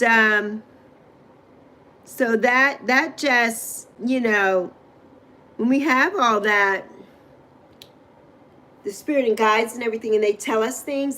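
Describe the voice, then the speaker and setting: High-voiced woman chatting on a livestream. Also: a bit bright. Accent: New York. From Bronx, New York, raised on Saint Croix. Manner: chatty, rambling, answers viewers by name. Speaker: livestream host. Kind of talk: casual livestream chat reading comments.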